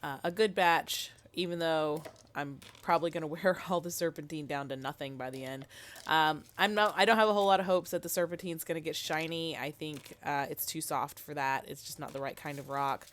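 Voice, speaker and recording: A woman's voice: deep voice, fairly quick, fairly bright tone. A woman vlogging casually about her rock tumbler, thinking aloud with ums and a sick-sounding voice. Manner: chatty, thinking aloud with fillers. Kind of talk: casual how-to vlog.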